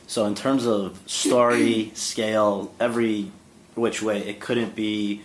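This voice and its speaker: A man interviewing an actress, asking questions in a halting way that searches for words. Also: on the low side, level tone, poor audio. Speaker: interviewer, awards analyst.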